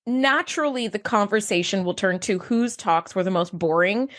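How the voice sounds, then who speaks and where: A woman who is a teacher, co-hosting a podcast and recapping scenes with lively storytelling. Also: mid-range voice, normal speed. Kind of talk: casual chat.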